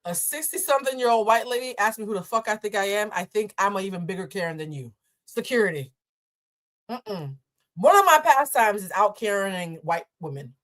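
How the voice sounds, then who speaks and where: A woman's voice: medium pitch, animated, fairly quick, a bit bright. A woman from Boston hosting a live stream, reacting bluntly and profanely to a viral clip and laughing often. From Boston, USA.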